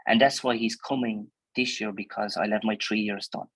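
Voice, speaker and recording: A man's voice: fairly low pitch, steady tone, normal speed, a bit bright, no echo, low-quality recording. A man with an Irish accent, a dairy farmer answering interview questions in a chatty, plainspoken way, full of fillers and restarts. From Ireland.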